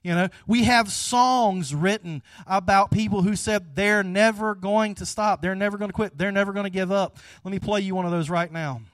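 A pastor preaching a relaxed, folksy sermon, chatting with the congregation before building to animated emphasis. His voice sits a little high for a man. The sound is dry, with little room echo. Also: moderate pace, few pauses. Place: church sanctuary.

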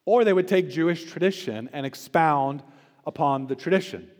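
A male pastor delivering a sermon, pressing hard on key words and then dropping to a near hush at the ends of phrases. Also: on the high side, moderate pace. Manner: emphatic preaching, swinging between loud stresses and quiet drops. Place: church sanctuary. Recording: long church reverb.

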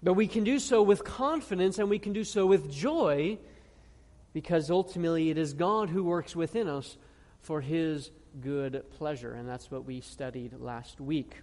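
Guy preaching, kinda high voice, long echo like a big church, slow emphatic bits and lots of "right?". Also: a little mellow. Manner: earnest preaching with rhetorical questions and slow emphatic scripture reading. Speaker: pastor. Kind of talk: sermon. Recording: long reverb of a large hall.

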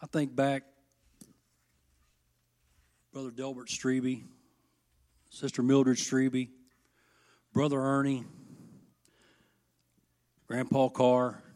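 A middle-aged man preaching a sermon, folksy and impassioned, moving between hushed asides and loud, emphatic peaks. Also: mid-range voice, monotone, slow, long pauses.

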